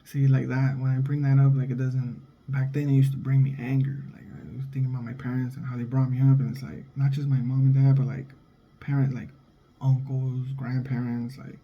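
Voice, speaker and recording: A man's voice: medium pitch, level tone, brisk, muffled recording. A young adult man and father, talking in a blunt, heated, profane casual monologue. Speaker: vlogger, father.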